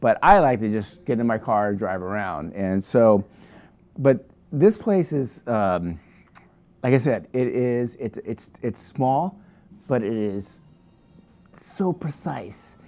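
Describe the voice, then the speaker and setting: A man pitches a wine from his shop in a loose, chatty review. He rambles and sidetracks himself, restarting his sentences often, in a mellow, darker voice. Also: animated, slow. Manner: rambling, digressive, many restarts.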